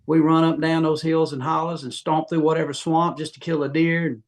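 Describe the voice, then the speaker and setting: A middle-aged man from Georgia with a Southern accent, a podcast guest telling folksy, animated stories and acting out quotes. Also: a little high, brisk. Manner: folksy, animated, acts out quotes with big voice jumps. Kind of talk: casual storytelling interview.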